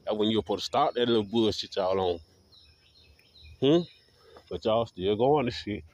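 A man's voice: on the low side, moderate pace, darkish tone. A man vlogging in a combative, profane ranting monologue, talking defiantly. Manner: combative, defiant, heavy swearing.

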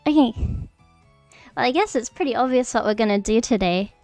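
A woman streamer giving a casual lesson on mushrooms, rambling and halting with many fillers and restarts, bubbly and playful. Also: fairly high pitch, a little mellow, dry recording. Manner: bubbly, repeats phrases playfully. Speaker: streamer teaching a mycology lesson. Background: faint background music.

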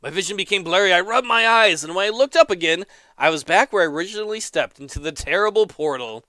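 A man's voice: sits high, lively intonation, fast, pushed and bright, no echo, studio quality. A man casually commenting on a game as he plays, exclaiming often, laughing and reading the game's text aloud. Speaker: let's player.

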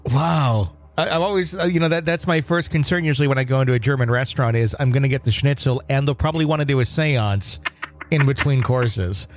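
A man's voice: mid-range voice, a little fast. A man co-hosting a paranormal podcast, chatting casually with dry jokes. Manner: joking, dry humor. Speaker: podcast co-host.

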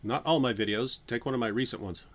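A man's voice: medium pitch, fast. A man hosting a casual livestream, joking around and now and then breaking into a crooning bit of song. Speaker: channel host.

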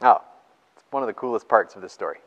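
An enthusiastic man preaches and reads scripture with a lively voice that swoops up and down. He keeps a chatty tone and often laughs between points. His voice rings out with the long echo of a church hall. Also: lowish voice, racing. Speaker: pastor. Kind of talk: sermon with scripture reading.

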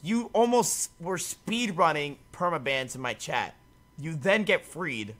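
A man streaming casually, talking to his chat in an animated way and swearing freely. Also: fairly high pitch, measured pace. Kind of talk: casual livestream commentary.

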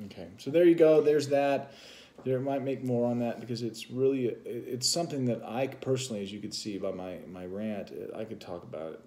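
A man's voice: medium pitch, brisk, dark tone. A man co-hosting a vlog, talking casually and musing at length in a loose, rambling explanation. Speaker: vlog co-host.

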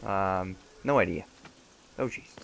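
This let's play gamer has a low, unhurried voice with vocal fry and a fairly bright tone, and there's slight background noise. He keeps his commentary joking and chatty, even talking back to the game's characters.

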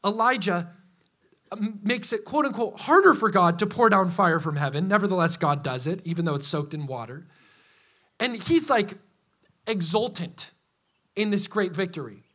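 High voiced pastor guy, animated sermon, cracks jokes and acts out the bible bits. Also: normal speed. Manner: animated, joking storyteller who acts out biblical dialogue. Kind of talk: energetic sermon.

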